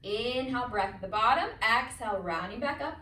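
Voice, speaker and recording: A woman instructor calmly guiding a chair Pilates workout, cueing each breath and movement step by step. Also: on the high side, a little fast, a little hiss or hum. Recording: echoey room, mic at a distance.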